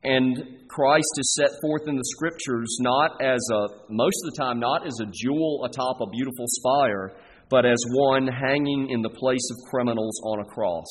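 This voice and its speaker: A man preaching a sermon as pastor, earnest and deliberate, pausing between phrases. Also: mid-range voice, big-room sound, slight background noise.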